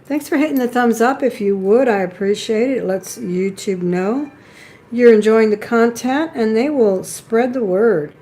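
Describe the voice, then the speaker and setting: A woman with a fairly high, mellow voice hosts a live-stream jewelry sale at a measured pace. She chats away and admires each piece while handling and showing it.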